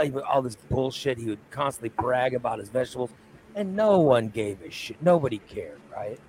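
A man's voice: mid-range voice, lively intonation, fairly quick, darkish tone, a little hiss or hum, poor audio. A man on a morning talk show telling a long, rambling story in casual, crude language. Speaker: radio show co-host. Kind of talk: casual chat.

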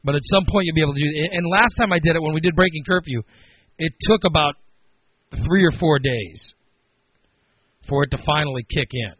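Sounding a little fast yet broken by long pauses, this slightly rough, rather high male voice has no room sound. He's a radio host in his forties from Chicago with a Midwestern accent, rambling opinionatedly and talking his thoughts through on a casual show, captured in dull lo-fi.

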